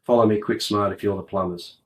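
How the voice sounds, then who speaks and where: A man voicing a brisk male security guard in an audiobook, curt and impatient. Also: fairly low pitch, fairly even intonation, a little hiss or hum, lightly acted. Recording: roomy, distant mic.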